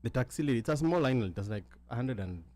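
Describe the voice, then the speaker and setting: A Kenyan man telling a story in a casual panel discussion, with many halting restarts. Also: medium pitch, lively intonation, darkish tone. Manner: halting, many restarts, switches between English and Swahili. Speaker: guest.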